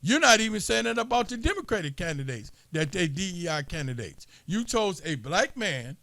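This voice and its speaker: Man, high-pitched, gravelly, emphatic talk-show commentary. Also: very animated, moderate pace, pushed and bright, no room sound. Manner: emphatic, repeats points for listeners. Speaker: political talk show co-host. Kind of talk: casual political commentary.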